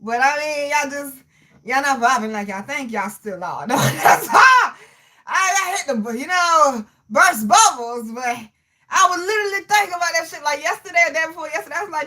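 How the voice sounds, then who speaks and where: High, bright woman in her thirties, brash livestream host, loud, swearing, quick to laugh. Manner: animated, loud, laughs often, salty slang. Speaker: livestream host reading chat. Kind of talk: casual chat.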